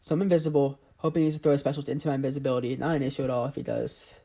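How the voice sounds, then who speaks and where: A man's voice: mid-range voice, level tone, rapid-fire, creaky, mellow. A man giving casual play-by-play commentary over his own mobile game footage, often exasperated. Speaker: gaming channel host.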